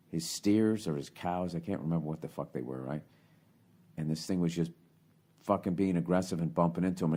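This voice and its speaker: A man hosting a podcast, telling a profane, rambling comic story that swears constantly and climbs higher when he gets worked up. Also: darkish tone. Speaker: podcast host.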